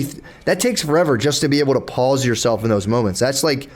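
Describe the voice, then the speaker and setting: A man's voice: mid-range voice, lively intonation, fast. Profane, rambling man on a podcast. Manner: loose, rambling, profane, with frequent restarts and acted-out inner dialogue. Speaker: podcast host. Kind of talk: casual podcast chat.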